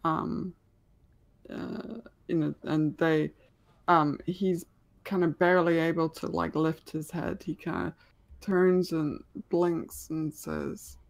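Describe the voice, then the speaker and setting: A woman's voice: low voice, fairly even intonation, slow pace, vocal fry. A woman running a tabletop game as game master, narrating scenes in a hesitant way with many ums.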